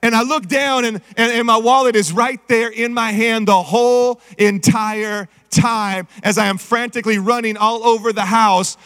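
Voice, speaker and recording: A middle-aged man preaching a sermon, energetic and calling out to the congregation. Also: sits high. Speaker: pastor. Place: church sanctuary. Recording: reverberant church hall.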